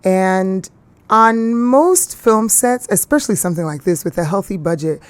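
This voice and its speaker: A woman's voice: mid-range voice, moderate pace, no room sound. Earnest woman from Ghana, dry close sound. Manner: earnest, animated, laughs easily. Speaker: actress, interview guest. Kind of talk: casual interview talk.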